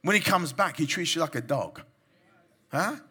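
A man preaching with a high, bright voice that carries a husky edge. He exhorts his listeners in emphatic bursts and mimics the people he mocks to make his point. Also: animated, moderate pace. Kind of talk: sermon.

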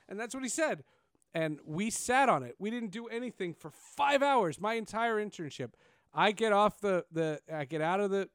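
A man's voice: sits high, no echo, clean studio sound. A man, hosting a casual interview and telling stories with lots of fillers and restarts. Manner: animated storyteller, many fillers and restarts. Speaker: podcast host.

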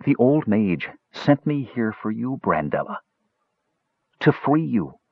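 A man reading the part of an earnest young hero in an audiobook, measured and pleading, on a dull, dry, lo-fi recording. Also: mid-range voice, very animated, creaky, dry recording, full character voice. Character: earnest young half-elf man, calm and urgent.

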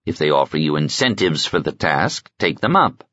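A man voicing a sharp, restless small male noble investigator with a brisk, commanding, wry manner. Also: extremely low pitch, big pitch swings, no room sound, muffled recording, heavily acted. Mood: scheming.

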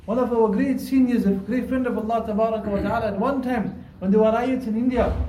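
A man's voice: extremely high pitch, warm tone, slight background noise. A man giving a Friday sermon as imam in a mosque, earnest and repetitive, weaving in Arabic and Urdu phrases. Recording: echoey hall, distant mic.

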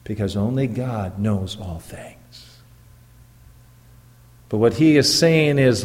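A man's voice: on the low side, expressive, takes it slowly, pauses often, darkish tone, long reverb tail. A man who is a pastor preaching a sermon in an earnest, emphatic way, often stopping to check in with the congregation through rhetorical questions.

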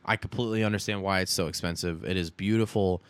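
A young adult man, a podcast co-host, telling a story in casual, animated chat, swearing often and saying "dude". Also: deep voice, fast talker, no room sound.

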